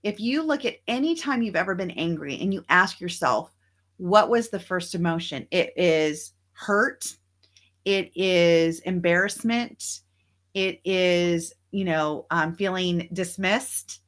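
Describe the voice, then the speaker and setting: A middle-aged woman talks earnestly as a co-host. She muses on her feelings in a reflective way and slips into quick acted-out bits of everyday scenes. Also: lowish voice, lively intonation, a bit bright. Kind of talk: casual chat.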